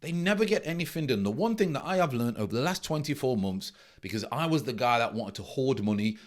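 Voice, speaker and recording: A middle-aged man, a trading mentor giving a blunt, emphatic casual monologue that repeats its key points. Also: medium pitch.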